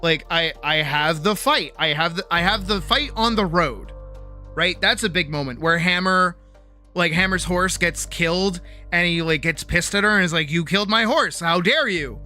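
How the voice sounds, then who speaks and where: A woman's voice: lowish voice, moderate pace, sharp tone, soft background music. A woman streaming live, chatting animatedly about character writing, swearing freely and checking in with "right?". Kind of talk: casual livestream chat about character writing.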